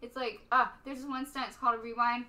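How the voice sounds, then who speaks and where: Young woman, chatty and loose, fillers and casual swearing; bright, slightly high voice. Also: level tone, quick pace, slight background noise. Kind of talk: casual chat.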